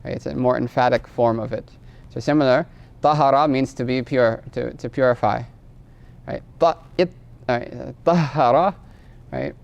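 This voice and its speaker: Gravelly, smooth-voiced male religious teacher. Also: medium pitch, normal speed, a little mellow, highs cut off. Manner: tags phrases with a questioning "right?"; explains patiently, quizzes the class. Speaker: teacher of Islamic law. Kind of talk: classroom lecture.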